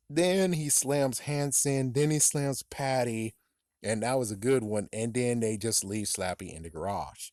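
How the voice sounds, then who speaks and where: A man's voice: mid-range voice, unhurried, darkish tone, dry recording, clean studio sound. A man giving a casual, rambling spoken book review, swearing freely and laughing at his own jokes. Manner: rambling, profane, laughs often.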